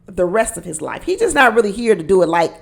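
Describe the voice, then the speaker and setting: A woman gives casual, gossipy commentary on a reality show, talking straight to her listeners. Her voice sits at a middle pitch with a noticeable gravelly fry. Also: very animated, fast. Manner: chatty and gossipy, addresses listeners as y'all, laughs often. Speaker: reality TV recap host.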